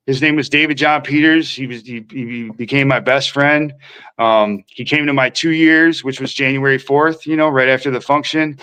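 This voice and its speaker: Pushed and bright yet clean, his medium-pitched voice holds a steady tone at normal speed over a rough recording. The Minnesota guest keeps rambling slangily about his recovery on the podcast, voicing what others said.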